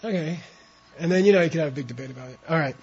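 A man leading a translation class, talking slowly and relaxed while he coaches pronunciation. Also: on the high side, creaky. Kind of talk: informal class talk with chanted reading. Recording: dull lo-fi classroom recording.

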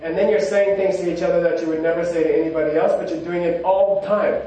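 Speaking quickly with a warm tone, a high-voiced monk keeps his intonation fairly even as he gives a loose, story-filled spiritual talk heavy on "you know." The room is very echoey and the microphone is placed far off.

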